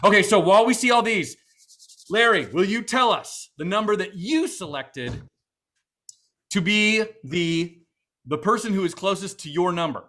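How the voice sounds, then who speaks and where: A man's voice: high-pitched, animated, moderate pace, pushed and bright. A man with a Boston accent hosting a virtual fundraiser, chatty and upbeat with many fillers. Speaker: event host.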